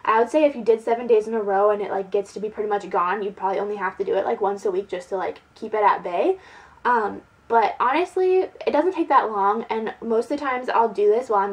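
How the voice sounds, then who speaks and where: A young woman talks casually to her camera from home, chatty and giggly, with a steady stream of "like". Her voice sits at an ordinary middle pitch. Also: fast, poor audio. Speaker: beauty vlogger. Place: at home, sitting indoors.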